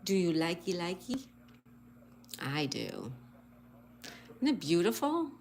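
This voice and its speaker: A woman's voice: on the low side, very animated, slow pace, creaky, a little mellow, slight background noise. A woman hosting a casual livestream, cheerfully spelling out words letter by letter and reading viewer comments aloud. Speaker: livestream host.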